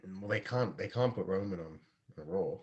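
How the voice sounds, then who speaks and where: A man's voice: low voice, brisk, darkish tone, slightly rough, dull audio. A young man co-hosting a casual podcast, blunt and dismissive in his opinions, laughing often. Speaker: podcast co-host. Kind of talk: casual chat.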